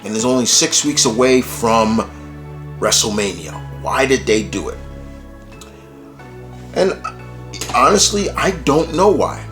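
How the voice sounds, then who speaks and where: A man's voice: mid-range voice, big pitch swings, slow, pauses often, a bit bright, soft background music. A man from New York hosting his own channel, chatting loosely about wrestling with lots of fillers. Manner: loose, rambling, many fillers. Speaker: YouTube host. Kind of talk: casual wrestling commentary vlog.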